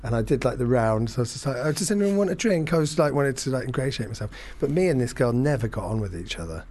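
A man in casual conversation, telling a rambling story about himself. He stumbles over his words, restarts sentences and fills pauses, with a self-deprecating edge and a middle-pitched voice. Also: animated, darkish tone. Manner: self-deprecating, halting with many fillers and restarts. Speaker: podcast guest storyteller. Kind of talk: casual chat, rambling anecdote.

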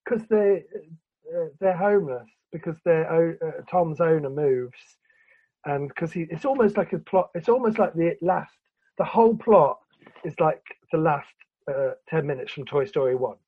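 A man's voice: fairly high pitch, lively intonation, normal speed, breathy edge. A man ranting in casual chat, laughing and swearing as he picks apart an old cartoon film. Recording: lo-fi recording.

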